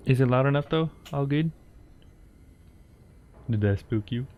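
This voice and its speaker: Slow, playful male game streamer. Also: mid-range voice, expressive, dull audio. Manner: playful, joking with chat. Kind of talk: live gameplay commentary.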